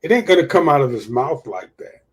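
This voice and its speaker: A man's voice: medium pitch, big pitch swings, brisk. A man hosting a livestream of casual political commentary, profane and repeating his points for emphasis. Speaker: livestream host.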